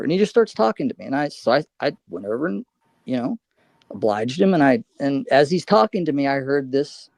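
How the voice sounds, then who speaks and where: A man's voice: medium pitch, sing-song, brisk, creaky, a little mellow, dry recording. A man on a livestream panel, talking in a rambling, storytelling way full of restarts. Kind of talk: casual panel chat.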